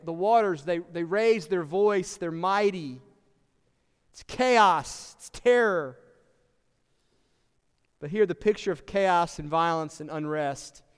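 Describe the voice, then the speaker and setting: Male pastor, high and smooth, conversational sermon with questions to the room, church hall reverb. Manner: conversational, asks the congregation questions.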